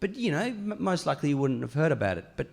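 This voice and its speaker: A man's voice: a little high, sing-song, fast talker, creaky. A man who grew up in Iran, speaking as a guest on a panel at a public talk, telling stories animatedly with many fillers and restarts. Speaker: author guest. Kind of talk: panel discussion.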